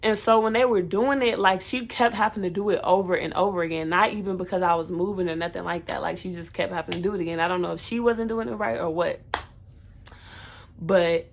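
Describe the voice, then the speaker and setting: A woman's voice: lowish voice, a little fast, gravelly, slight background noise. A young woman telling her own birth story in a casual storytime vlog, candid and chatty, with fillers and self-corrections.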